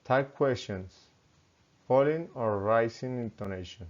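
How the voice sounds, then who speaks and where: A man who is a student, reading pronunciation drills aloud slowly and carefully, word by word. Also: mid-range voice, a little mellow, lo-fi sound.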